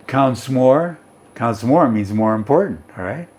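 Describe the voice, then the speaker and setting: A man's voice: mid-range voice, lively intonation, unhurried, darkish tone. A male teacher explaining a story and its vocabulary in an English lesson, reading aloud and often checking in with "okay?".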